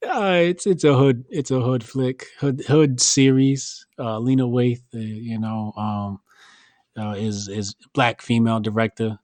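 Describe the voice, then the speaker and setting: A man hosting a podcast in casual chat, speaking with blunt, animated, slangy banter. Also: medium pitch, unhurried, no echo. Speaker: podcast host.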